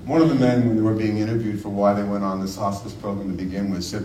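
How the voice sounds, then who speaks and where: A man's voice: on the low side, level tone, quick pace, few pauses, dark tone, slight background noise. A man gives a spiritual talk, retelling a story and turning to his listeners with earnest questions. His voice rings around a roomy space. The mic picks him up from a distance, with faint ambience underneath. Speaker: spiritual speaker.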